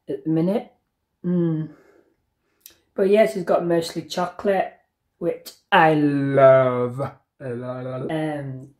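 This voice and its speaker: A woman talking casually to a handheld camera at home in a home vlog, hesitant and full of ums and pauses. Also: low voice, a little mellow. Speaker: vlogger. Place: at home indoors.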